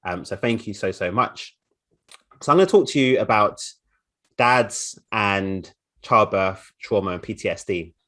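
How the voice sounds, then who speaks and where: A man's voice: on the low side, a bit bright. A man speaking earnestly at a conference session, with frequent hesitant repeats. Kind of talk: presentation talk.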